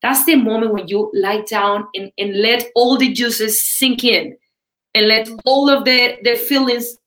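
Yoga-teacher woman guest with a higher, emphatic, expressive voice, recorded in a roomy space. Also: unhurried. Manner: expressive, emphatic, lots of repetition. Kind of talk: interview guest, casual talk.

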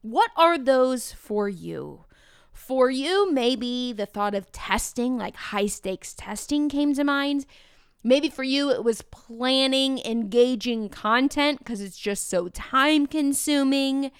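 Energetic Midwestern woman podcast host. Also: high-pitched, slow pace, smooth, no echo, studio quality. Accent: Midwestern American. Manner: energetic, chatty, playful asides to listeners. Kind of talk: upbeat podcast monologue.

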